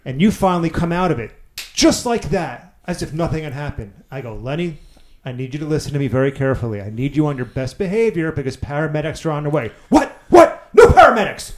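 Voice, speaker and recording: A man's voice: fairly high pitch, darkish tone. A man hosting a casual chat, animatedly retelling a story, acting out quotes and swearing freely.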